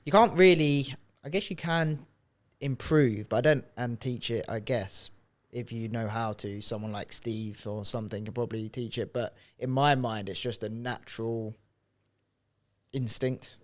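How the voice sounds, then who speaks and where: A man co-hosting a podcast, talking in a relaxed, rambling way with restarts. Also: medium pitch, a little slow. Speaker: podcast co-host. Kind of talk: casual podcast chat.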